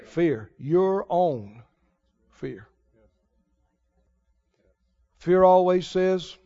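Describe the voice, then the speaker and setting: Preacher, male, very high voice, slow deliberate delivery, dull lo-fi sound. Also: very animated, big-room sound. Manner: preaching with dramatic swings between loud and hushed. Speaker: pastor. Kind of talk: sermon. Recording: dull lo-fi sermon recording.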